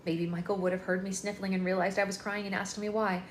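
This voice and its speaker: A woman's voice: mid-range voice, little pitch movement, fast. A woman hosting a book club livestream, reading a novel aloud in a chatty first-person narrating manner, indoors. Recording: echoey room with faint noise.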